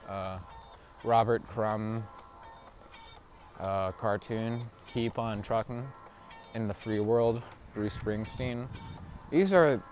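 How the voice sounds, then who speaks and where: A man rambling to himself in a profane, absurd stream of thought while cycling outdoors on city streets. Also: mid-range voice. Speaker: vlogger.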